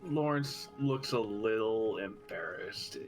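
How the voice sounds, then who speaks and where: A man's voice: fairly low pitch, lively intonation, slow, soft background music, poor audio. A man playing in a tabletop game, describing his character in a thoughtful way. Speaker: player.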